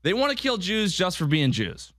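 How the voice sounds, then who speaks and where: A man's voice: sits high, big pitch swings, moderate pace, a bit bright, slight background noise. Emphatic man hosting a political talk show. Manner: emphatic, repetitive rhetorical questions. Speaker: podcast host. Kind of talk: political commentary monologue.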